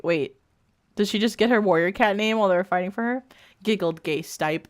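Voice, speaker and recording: A woman's voice: mid-range voice, brisk. A woman streamer reading bad fanfic aloud, with giggly, incredulous comedic asides.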